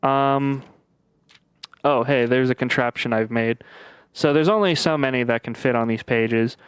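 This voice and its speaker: Slow, clear-voiced man narrating gameplay. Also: mid-range voice, no room sound. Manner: thinks aloud with frequent pauses and fillers. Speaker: gaming video creator. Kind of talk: casual let's-play commentary.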